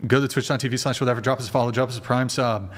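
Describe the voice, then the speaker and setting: A man's voice: medium pitch, steady tone, racing, slightly rough. Brash, swearing male stream host. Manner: brash, profane, bossy. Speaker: livestream host. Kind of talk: casual livestream chat.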